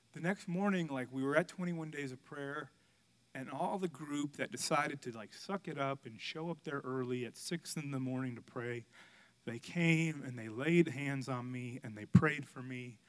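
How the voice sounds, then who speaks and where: A male pastor preaching a sermon, telling a candid personal story, swinging from loud outbursts to hushed, quiet passages. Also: a little high.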